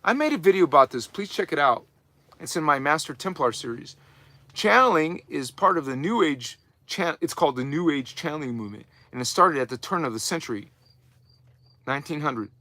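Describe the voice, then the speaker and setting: High, bright-voiced man preaching. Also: expressive, brisk, no echo. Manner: emphatic, preachy, with mocking asides and repetitions. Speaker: spiritual teacher and channel host. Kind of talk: live spiritual teaching talk.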